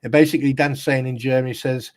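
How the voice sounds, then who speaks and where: A British man co-hosts a live stream and chats casually. He rambles and jokes, and he often slips into quick mimicry of other people. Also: mid-range voice, steady tone, no room sound. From United Kingdom. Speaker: stream co-host.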